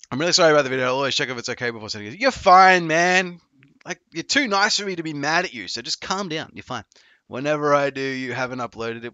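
A man's voice: mid-range voice, a little fast, no echo. A man coaching video games on a live stream, chatting casually, swearing and joking with viewers. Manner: profane, joking, excitable.

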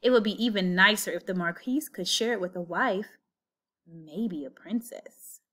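A woman's voice: mid-range voice, normal speed, a bit bright, lightly acted. A woman reading aloud and voicing a boastful, clever talking male cat in a storybook. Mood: scheming. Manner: bold, scheming, showy.

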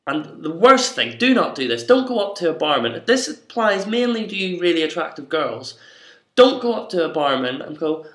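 A man's voice: on the high side, sing-song, normal speed, a bit bright. A young Irish man giving a mock-stern, bossy comic rant to camera. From Ireland. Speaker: comedy vlogger. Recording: echoey room.

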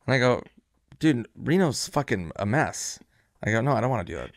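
A male comedian telling an anecdote in a deadpan, low-key way. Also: fairly quick, no echo, studio quality. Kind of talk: anecdote told in casual chat.

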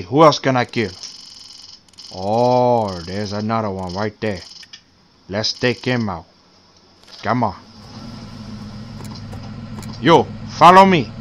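A man's voice: mid-range voice, slight background noise. A man voicing a hot-tempered gangster boss while commentating gameplay, with broken, profane threats. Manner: broken English, profane threats, shouting bursts. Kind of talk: in-character game commentary.

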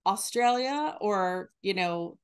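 A woman in her twenties from the northern United States, co-hosting a casual chat podcast and acting out quotes in a higher voice. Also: slow, clear, resonant tone. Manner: animated, acts out quotes in a high voice. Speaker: podcast co-host.

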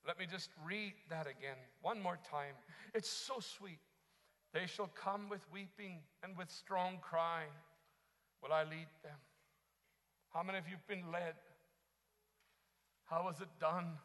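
A man preaching a sermon as pastor, moving from quiet teaching into impassioned shouting. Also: sits high, a little slow, long pauses, in a large hall.

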